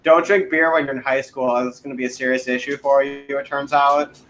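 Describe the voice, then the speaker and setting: A man's voice: mid-range voice, little pitch movement, a little fast, fairly bright tone, a little hiss or hum. A man in casual podcast chat, eagerly agreeing and swearing with glee. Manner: profane, gleeful, eager agreement.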